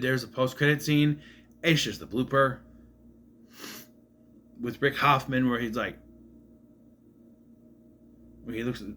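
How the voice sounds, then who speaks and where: A man's voice: mid-range voice, bright, forceful tone. A man casually reviewing a film to camera, rambling, restarting his sentences and swearing bluntly. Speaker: movie reviewer.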